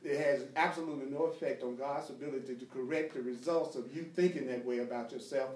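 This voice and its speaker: A man's voice: mid-range voice, a little mellow. Emphatic man teaching in an echoey room. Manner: emphatic, repeats phrases, breaks into laughter and jokes. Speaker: spiritual teacher leading a group class. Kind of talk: conversational spiritual teaching. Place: meeting room with a small group, streamed live. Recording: echoey room, mic at a distance.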